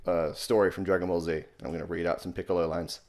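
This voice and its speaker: Sarcastic young man with a low voice. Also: fast talker. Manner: sarcastic, deadpan, swears casually. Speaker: comedy YouTuber. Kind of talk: casual comedic tutorial.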